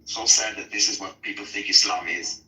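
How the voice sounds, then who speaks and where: A man's voice: lowish voice, fairly even intonation, sharp tone. A man in a heated debate who insists on his points but often stalls, searching for words. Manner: insistent but halting, many fillers and restarts. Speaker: debater in an online voice room. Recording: distant, roomy, faint noise.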